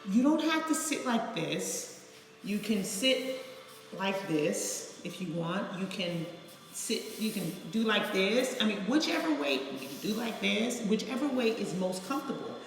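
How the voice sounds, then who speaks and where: Blunt chatty woman explaining meditation, lots of echo, soft music behind. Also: mid-range voice, lively intonation, a little slow. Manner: candid and chatty, blunt with mild swearing. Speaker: counselor teaching meditation. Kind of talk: casual live video instruction. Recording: echoey room with long reverb and faint music.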